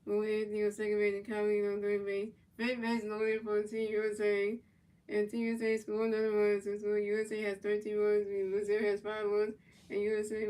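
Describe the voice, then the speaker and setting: Woman, gaming commentator; flat monotone play-by-play, repetitive and stumbling, heard from a distance. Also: medium pitch. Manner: repetitive, stumbling calls with casual slang and swearing. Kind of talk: casual play-by-play commentary over a video game. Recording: voice picked up from a distance.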